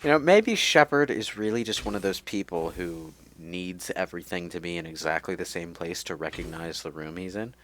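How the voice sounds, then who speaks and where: Male let's play host, low voice, loose and rambling, lots of ums and restarts. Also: moderate pace, hardly any pauses, a bit bright, a little hiss or hum. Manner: rambling, many fillers and restarts. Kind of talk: casual gaming commentary.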